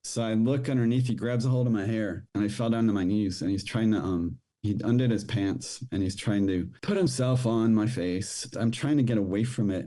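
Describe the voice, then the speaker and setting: Male podcast guest, low dark voice, halting personal testimony. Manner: plain, halting storytelling with fillers.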